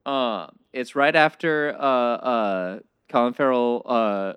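A young man with a smooth, clean voice chatting about a movie, full of filler words and laughs. The sound is close and dry. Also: mid-range voice, takes it slowly, a bit bright, dry recording. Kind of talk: casual film discussion.

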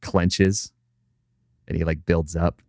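Deep-voiced man, casual profane chat. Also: slow, creaky, no room sound, studio quality. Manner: profane, animated retelling of an anime scene with many fillers. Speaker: podcast co-host.

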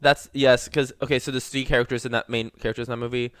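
A man's voice: medium pitch, fast talker, clear, resonant tone, no echo, clean studio sound. A young man co-hosting a podcast, talking casually and animatedly with lots of fillers. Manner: animated, rambling with many fillers. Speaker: podcast co-host. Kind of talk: casual chat.

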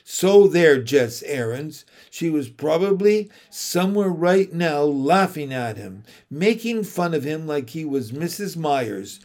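A man narrating a children's novel in slow, deliberate, emotional storytelling. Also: on the high side, very animated, darkish tone. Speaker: audiobook narrator.

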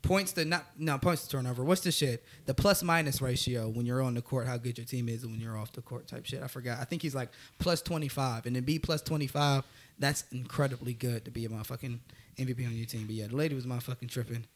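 A man's voice: medium pitch, fairly even intonation, fast talker. A man hosting a casual chat, talking in slangy, profane rants.

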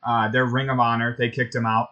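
A man's voice: medium pitch, flat delivery, a little fast, bright, forceful tone, dull audio. A man hosting a casual sports talk show, blunt and opinionated, with lots of fillers. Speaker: host.

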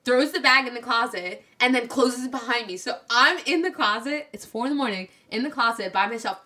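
A woman in her twenties co-hosting a podcast, telling animated stories in casual chat and swearing freely. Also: a little high, brisk. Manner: animated storytelling, heavy swearing. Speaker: podcast co-host.

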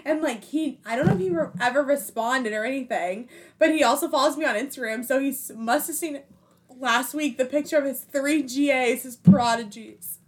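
A woman's voice: sits high, moderate pace. A woman in casual chat, telling stories animatedly and acting out other people's quotes. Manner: animated storyteller who acts out quotes. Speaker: podcast co-host, former boss.

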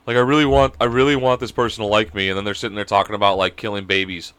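A young man co-hosting a casual podcast over a video call, sick with a cold, telling animated stories and breaking into high laughter. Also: racing, clean tone. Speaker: podcast co-host. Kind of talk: casual chat.

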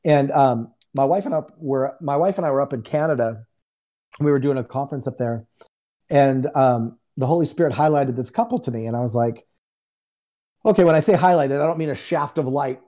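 A man with a medium-pitched, dark-toned voice talks a little fast. Appearing as a guest minister over a remote call, he tells a personal testimony conversationally, acting out the quoted dialogue as he goes.

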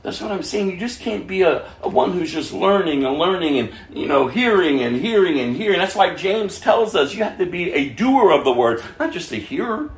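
A man delivers an impassioned sermon, pressing his listeners with rhetorical questions and swinging between loud and hushed. His voice sits high and leaps widely in pitch. The sound carries the echo of a roomy space. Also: lively intonation, normal speed, few pauses. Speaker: pastor.

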